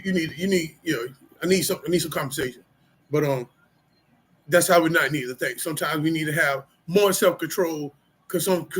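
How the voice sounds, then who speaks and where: In a fairly high, fairly bright and slightly rough voice, a middle-aged vlogger speaks casually to camera about his past and personal change. He rambles, using many fillers and street slang, while opening up about his recovery. The recording quality is low.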